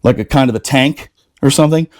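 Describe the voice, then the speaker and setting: A man who is a Marine veteran, casually telling a war story on a podcast, animated, laughing and swearing freely. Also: mid-range voice, fast.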